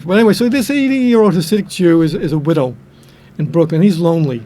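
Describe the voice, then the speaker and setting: A man's voice: a little high, fast, dark tone. An older man from the New York and New Jersey area, a guest in a casual chat, telling jokes in a rambling way with many restarts. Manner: rambling, repeats and restarts words, acts out quotes.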